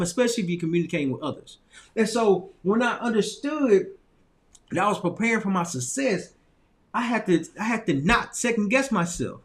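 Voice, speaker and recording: A man with a Southern accent from Arkansas, speaking as a motivational speaker in a loose, casual storytelling style, repeating himself and laughing often. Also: sits high. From Little Rock, Arkansas, US. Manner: loose, repetitive phrasing with frequent laughs and restarts.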